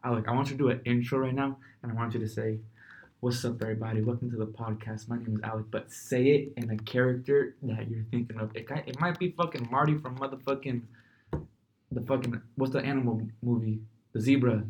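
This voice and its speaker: A man's voice: mid-range voice, steady tone, brisk, a little mellow, highs cut off, slight background noise. A young man co-hosting a podcast, joking and swearing in casual chat. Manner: laid-back, profane, joking. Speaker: podcast co-host.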